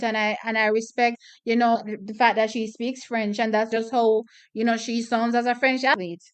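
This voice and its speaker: A woman's voice: a little high, clear, resonant tone. A woman hosting a track watch party, chatting and commenting on races with strong, repeated opinions. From Jamaica. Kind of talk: casual live track commentary.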